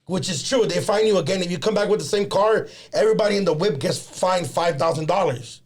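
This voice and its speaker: A man with a slightly high, gravelly voice tells a story in loose, casual podcast chat. He swears freely and drops Spanish words into his sentences. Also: brisk. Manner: profane, animated storyteller mixing in Spanish words. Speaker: podcast co-host.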